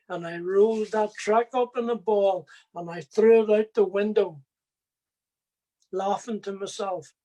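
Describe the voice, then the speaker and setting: A man's voice: sits high, darkish tone, rough recording. A middle-aged man from Ireland, telling his own life story as an earnest testimony and speaking straight to his listeners. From Northern Ireland. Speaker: former prisoner giving testimony.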